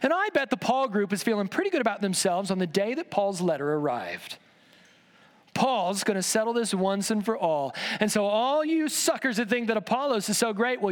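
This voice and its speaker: A man preaching a sermon in a church, emphatic, dropping low and slow on key words. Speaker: pastor. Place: large church sanctuary. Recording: long reverb in a church hall.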